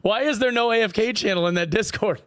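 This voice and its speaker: A man's voice: high-pitched, quick pace, a bit bright, clean tone, no room sound, studio quality. A man streaming live, chatting casually with viewers, jokey and profane. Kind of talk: casual livestream chat.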